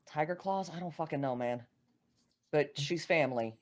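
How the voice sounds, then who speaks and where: A woman playing her character in a tabletop game, blunt and casual, cursing often. Her voice sits somewhat low. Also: normal speed, a little mellow, lo-fi sound. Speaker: player.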